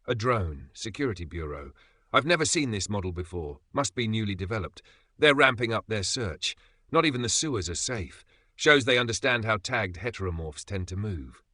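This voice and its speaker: A man's voice: on the low side, expressive, moderate pace, pushed and bright, no room sound, studio quality. A man voicing a cunning parasitic spirit that lives inside its host, speaking in a cool, advising tone. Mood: scheming.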